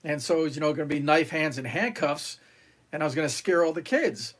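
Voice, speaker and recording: A man's voice: on the high side, brisk, fairly bright tone. A middle-aged man from New York, a retired Marine, telling stories on a podcast in a rambling way, with many fillers and restarts, and acting out the lines of others. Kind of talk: casual interview storytelling.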